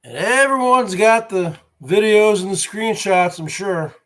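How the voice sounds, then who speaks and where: Slow, indignant high-voiced man ranting. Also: lively intonation, a bit bright. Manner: indignant, repetitive, slow and emphatic. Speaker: livestream host. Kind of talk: ranting livestream commentary.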